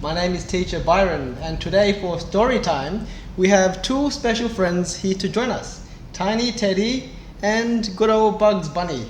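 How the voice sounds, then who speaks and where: A young man who teaches English, reading a storybook aloud slowly and clearly to children. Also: high-pitched. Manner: slow and clear, with small voices for the book's characters. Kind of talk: slow read-aloud lesson for kids. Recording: echoey room, faint background noise.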